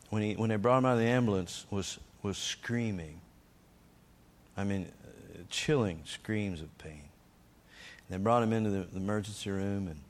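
A man with a fairly low-pitched voice delivers a sermon testimony. He tells the story with energy and emphasis. He acts out the lines he shouted. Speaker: preacher.

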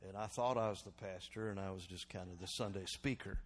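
This pastor's voice sits low and holds a steady tone as he preaches fairly quickly. He calls out for congregational responses and shifts from loud exhortation to quiet reflection and back.

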